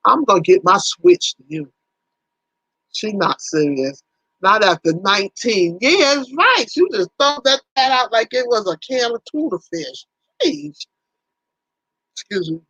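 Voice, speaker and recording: A woman's voice: a little high, big pitch swings, a little slow, fairly bright tone, husky, no echo, poor audio. A woman hosting a casual livestream, talking animatedly with viewers, teasing them by name and exclaiming often. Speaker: livestream host.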